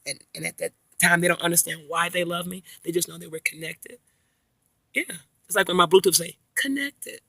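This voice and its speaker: Middle-aged woman, vlog chat, rambling stories, sharp bright tone, husky edge. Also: fairly low pitch, a little fast, no room sound. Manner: rambling, animated storytelling with slang. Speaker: vlogger. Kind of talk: casual chat.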